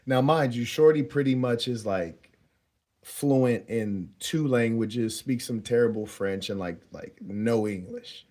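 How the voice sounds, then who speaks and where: A young man telling a story as a dating advice host, relaxed and slangy, often chuckling as he talks. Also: medium pitch, takes it slowly. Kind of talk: casual storytelling monologue.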